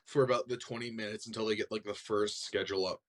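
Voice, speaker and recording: A man's voice: on the low side, fairly even intonation, fast talker. A man playing in a casual tabletop game, easygoing in his replies. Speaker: player. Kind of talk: casual tabletop role-play.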